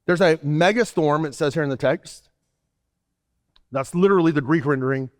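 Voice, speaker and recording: A man's voice: on the high side, normal speed. A man preaching an emphatic sermon as pastor, his pace often shifting. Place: church sanctuary. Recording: church hall reverb.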